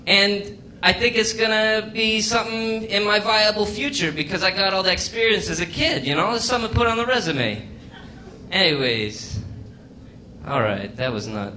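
A man's voice: high-pitched, expressive, normal speed, bright, forceful tone, slight background noise. A man finishing a stand-up set in a comedy club, trailing off with self-deprecating remarks before thanking the crowd.

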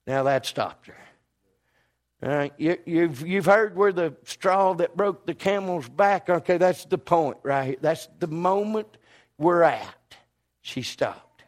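A folksy preacher telling a scripture story with emphatic, dramatic swings between hushed asides and shouted points. His voice sits high for a man. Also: lively intonation, slow pace. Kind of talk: storytelling sermon.

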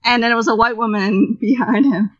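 A woman chatting casually as she tells a story, animated and loose, swearing freely and acting out what people said. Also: a little high, a little fast. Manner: animated, loose and profane, acts out the dialogue. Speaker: podcast co-host telling a story. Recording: slightly dull lo-fi audio.

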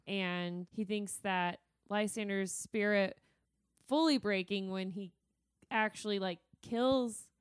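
A woman's voice: medium pitch, fairly even intonation, takes it slowly, smooth, dry recording, clean studio sound. A woman co-hosting a podcast in casual chat, giggly and playful, joking often. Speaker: podcast co-host.

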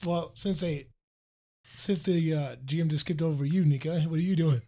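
A man's voice: on the high side, normal speed, mellow. A man playing a tabletop role-playing game, plainly stating what his character does. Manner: declares actions plainly. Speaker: player. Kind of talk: casual chat at a tabletop game.

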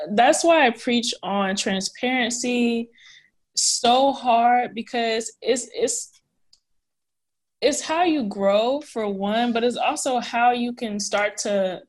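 Unhurried woman host, affirming. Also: mid-range voice. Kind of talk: supportive interview talk.

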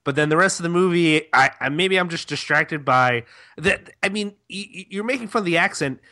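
A man's voice: a little high, brisk, pushed and bright. A man on a casual movie podcast, hesitant, restarting and thinking aloud. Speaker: podcast co-host. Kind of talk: casual chat.

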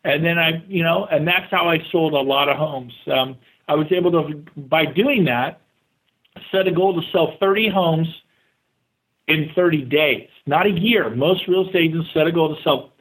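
A man talking as a guest in an interview, energetic and motivational, speaking in quick bursts and acting out the voices of the people he quotes. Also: fairly high pitch, husky, low-quality recording. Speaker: real estate agent and guest. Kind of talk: casual interview talk.

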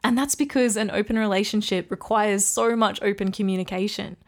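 A woman's voice: medium pitch, steady tone, fairly quick. Candid woman hosting a relationship podcast. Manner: candid, reflective, frequent ums. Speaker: podcast host. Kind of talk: casual solo podcast talk.

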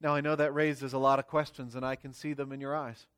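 A man's voice: mid-range voice, flat delivery, quick pace, fairly bright tone, smooth. A man preaching a sermon to his congregation, talking casually and checking in with "okay?" and "right?" before reading scripture with rising emphasis. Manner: conversational, tags lines with "okay?" and "right?"; reads scripture with swelling emphasis. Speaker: pastor. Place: church sanctuary before a congregation.

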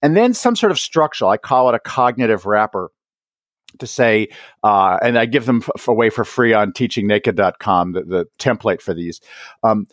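Here an author and educator guesting on a podcast animatedly plays out teacher-student exchanges in rapid asides, his pitch rising and falling a lot. The recording sits close and dry, with no echo or room behind it.

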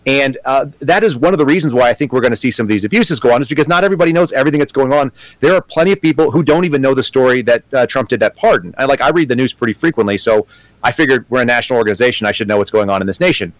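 A man's voice: mid-range voice, very fast, no echo, low-quality recording. A man, a guest and former agent, talking earnestly in an interview and thinking aloud. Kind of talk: conversational interview.

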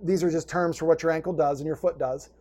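Energetic male posture coach, high voice, instructive, talks the listener through exercises. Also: fast talker. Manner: energetic, instructive, gives step-by-step directions. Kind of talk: coaching guest on a podcast.

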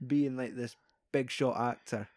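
A man's voice: mid-range voice, measured pace, dry recording, studio quality. A young man, chatting casually and animatedly about a film, swearing freely. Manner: animated, sweary, acts out quoted lines.

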